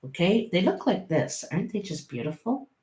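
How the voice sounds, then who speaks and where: A middle-aged woman reads tarot cards in an unhurried, chatty way, coaxing and encouraging her listener. Her voice sits low and mellow, and she now and then bursts out with excitement. The sound carries a roomy echo. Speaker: tarot reader. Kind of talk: casual tarot reading to camera.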